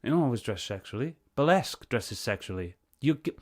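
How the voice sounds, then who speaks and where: A man's voice: medium pitch, expressive, brisk. A man reviewing a video clip, arguing back at it in an earnest, heated way. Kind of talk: reaction commentary on a clip.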